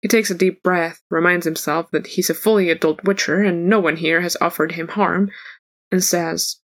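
A woman reading a fan story aloud as a narrator, in an even storytelling manner. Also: fairly low pitch, moderate pace.

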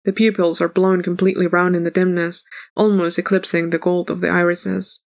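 Lady reading a story out loud, low voice, pretty flat, unhurried. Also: creaky. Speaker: audiobook reader. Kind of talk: fan fiction read aloud.

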